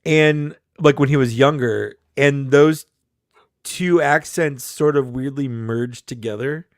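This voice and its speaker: A man's voice: medium pitch, slow pace, dry recording, studio quality. A man chatting as a guest, jokey and self-mocking, laughing often. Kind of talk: casual chat.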